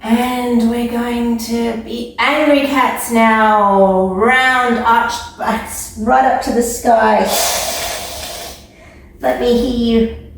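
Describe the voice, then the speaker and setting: Slow, gentle kids yoga teacher, echoey. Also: female voice, a little high, steady tone, slight background noise. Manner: gentle, encouraging, playful instructions. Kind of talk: guided kids yoga class. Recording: echoey room, mic far off.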